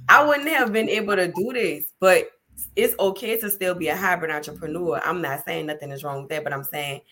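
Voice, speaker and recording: A lower-voiced, emphatic woman podcast host. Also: a little fast, sharp tone. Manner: emphatic, motivational, chatty. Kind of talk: casual podcast conversation.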